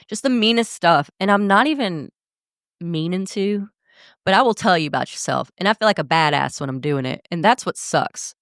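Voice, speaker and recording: A woman's voice: fairly low pitch, expressive, moderate pace, no echo. Podcast host, young woman, candid and profane, close and dry sound. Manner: candid, blunt, swears freely. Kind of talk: casual podcast monologue.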